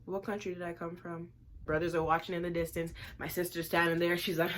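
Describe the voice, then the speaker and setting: A woman vlogger telling a personal story in an animated storytime style, emphatic and repeating lines for effect. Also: on the low side, brisk.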